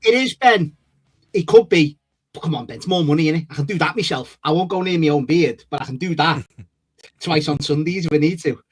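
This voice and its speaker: A podcast co-host tells stories in a laid-back, chatty way during a casual conversation. His husky voice is a little high and fairly quick.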